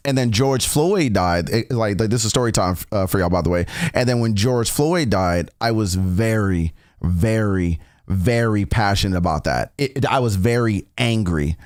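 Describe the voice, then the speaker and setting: A man's voice: fairly low pitch, normal speed, few pauses, darkish tone, dry recording. Candid man telling a story, dry sound. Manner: candid, frequent swearing and restarts. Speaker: reaction video host. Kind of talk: casual storytelling monologue.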